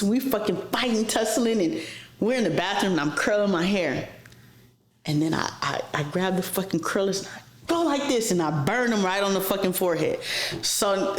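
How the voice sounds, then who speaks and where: A woman guest on a podcast interview, telling stories in a casual, profane and animated way and acting out the voices of the people in them. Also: mid-range voice, roomy sound, slight background noise.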